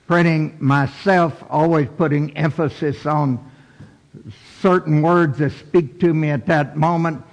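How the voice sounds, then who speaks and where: A pastor in his sixties preaching a fervent sermon with drawn-out emphatic phrases in a large church sanctuary. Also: a little high. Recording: long reverberant hall sound.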